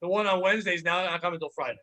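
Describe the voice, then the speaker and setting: Bright-voiced profane comedian host. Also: male voice, sits high, very fast. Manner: profane, animated, acts out customers in stories. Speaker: podcast host and stand-up comedian. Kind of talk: casual comedic storytelling.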